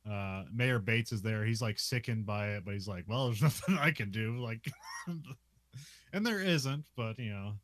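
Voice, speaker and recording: A man's voice: fairly low pitch, unhurried, fairly bright tone, no echo. A man casually recapping a film's plot on a podcast, laughing often between his sentences and filling gaps with uh and like. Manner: laughs often, many fillers, plot summary. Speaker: podcast co-host recapping a film. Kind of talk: casual film recap chat.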